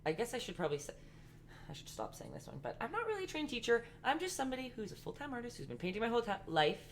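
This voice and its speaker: A woman hosting a casual live-stream painting lesson, chatty and rambling, talking fast. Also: a little high, big pitch swings, a little hiss or hum. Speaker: art instructor and live-stream host.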